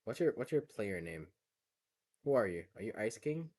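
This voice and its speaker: A man's voice: lowish voice, sing-song, normal speed, darkish tone. A man streaming a racing game, chatting casually with slang and frequent laughs. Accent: West African English on the phone call. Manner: laid-back slangy banter, laughs often. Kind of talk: casual gaming stream chat.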